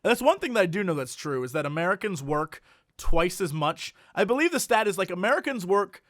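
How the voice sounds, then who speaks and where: A young man co-hosting a comedy podcast, bantering in a quick, excitable, incredulous way. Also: sits high, dry recording, clean studio sound. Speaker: podcast co-host. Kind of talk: casual comedy chat.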